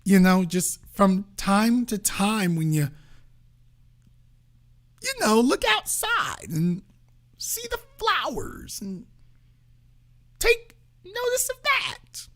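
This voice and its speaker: A man mimicking a drowsy, breathy woman. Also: mid-range voice, very animated, fairly bright tone, voice pushed up. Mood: dreamy. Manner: breathy, slow, trailing off to a whisper. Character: drowsy former first lady, soft and dreamy.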